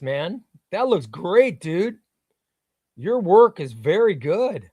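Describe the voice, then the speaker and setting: A man's voice: high-pitched, big pitch swings, takes it slowly, dark tone, no room sound. A man hosting a casual comics livestream, reading viewer comments in an enthusiastic, rambling way.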